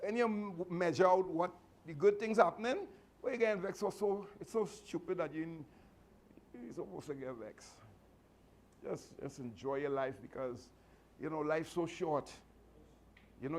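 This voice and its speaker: A man's voice: a little high, darkish tone, slight background noise. A man, a martial arts instructor giving a motivational speech to his students, earnest and repetitive with many restarts. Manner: fatherly advice giving.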